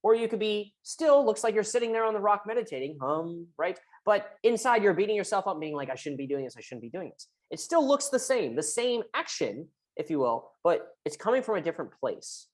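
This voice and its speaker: A woman's voice: mid-range voice, lively intonation, brisk, few pauses. A woman physical therapist explaining recovery in a conversational way, often checking in with "right?". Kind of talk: direct-to-camera health talk.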